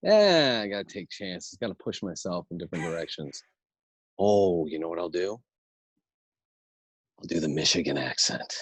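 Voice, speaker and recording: Low-voiced animated improv teacher. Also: male voice, normal speed, long pauses, slightly rough, dry recording. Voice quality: animated storyteller, acts out quotes. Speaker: improv instructor guest. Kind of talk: casual interview chat.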